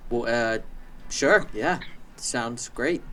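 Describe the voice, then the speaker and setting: A man voicing an awkward, nervous young man on a date who talks in halting bits. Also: mid-range voice, bright, forceful tone, voice pushed down. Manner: hesitant, halting, lots of "uh".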